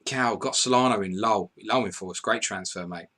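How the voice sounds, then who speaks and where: A man hosting a live fantasy football stream, excitedly reading out scores and viewer messages, swearing and laughing as he goes. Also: fairly low pitch, normal speed. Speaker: podcast host.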